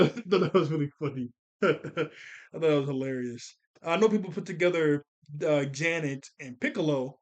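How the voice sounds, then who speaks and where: A man talks casually about an anime movie. He rambles along in slangy speech and laughs often between his thoughts. His voice sits a little high for a man. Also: darkish tone. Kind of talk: casual chat.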